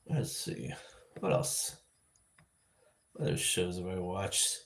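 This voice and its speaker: A man's voice: low voice, expressive, slow, vocal fry. Rambling man chatting on a livestream. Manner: rambling, thinking aloud with frequent restarts. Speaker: livestream vlog host. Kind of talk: casual live-stream chat.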